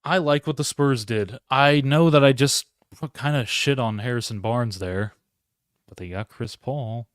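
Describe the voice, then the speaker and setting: A man's voice: medium pitch, unhurried, smooth, no echo, studio quality. A man hosting a live solo sports reaction stream, rambling, interrupting himself and talking to his chat. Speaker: podcast host.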